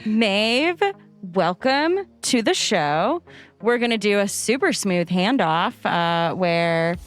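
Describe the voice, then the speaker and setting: A woman's voice: medium pitch, lively intonation, slow pace, soft background music. A woman co-hosting a charity stream, bubbly and playful, laughing often as she hands off to a guest. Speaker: stream co-host. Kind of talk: casual live-stream hosting.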